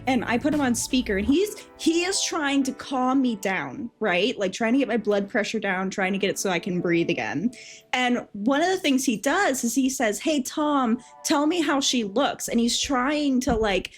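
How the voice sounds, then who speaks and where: Young woman streamer telling a story, swearing freely, high animated voice over background music. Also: moderate pace, slightly rough. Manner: animated, profane, laughs often while telling. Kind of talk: casual storytelling chat.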